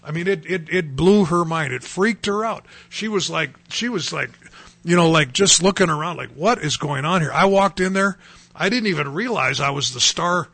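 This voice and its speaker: Gravelly, bright-voiced man giving testimony. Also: a little high, expressive, moderate pace, no echo. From North Dakota. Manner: earnest, storytelling, rising to emphatic bursts. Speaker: testimony speaker. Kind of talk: personal testimony.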